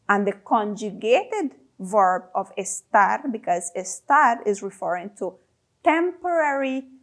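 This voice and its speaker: Woman, Spanish teacher, very slow deliberate delivery, animated intonation, encouraging, call-and-repeat lesson. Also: on the high side. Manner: slow, drawn-out model phrases for repeating; encouraging, prompts learners to repeat. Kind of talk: children's language lesson.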